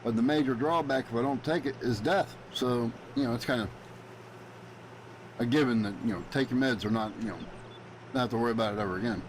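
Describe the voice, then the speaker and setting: A man's voice: medium pitch, fast talker, slight background noise. A drowsy man streaming a game, thinking aloud in rambling, informal commentary. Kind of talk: live-streamed gameplay commentary.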